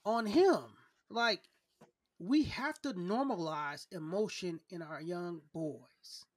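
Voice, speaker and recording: A man's voice: high-pitched, slow, dry recording, clean studio sound. A man hosting a casual podcast conversation, earnest and open, often repeating words as he searches for his thoughts. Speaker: podcast host.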